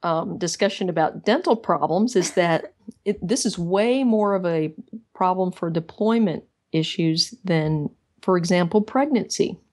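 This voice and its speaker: A woman co-hosting a casual chat, explaining her point in a measured way with some fillers. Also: on the low side, darkish tone. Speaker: co-host.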